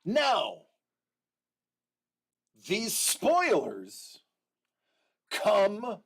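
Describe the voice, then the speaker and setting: A man hosting a casual livestream, chatting with viewers in an unhurried way, with frequent restarts and fillers. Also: high-pitched, huge pitch swings, slightly rough. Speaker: livestream host.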